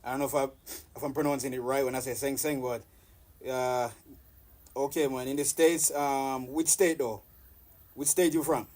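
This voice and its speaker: A man's voice: mid-range voice, little pitch movement, normal speed, darkish tone. A man with a Jamaican accent, chatting loosely with viewers on a live workout stream from outdoors, greeting them by name. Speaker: fitness streamer. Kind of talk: casual live-stream chat. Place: outdoors in the countryside.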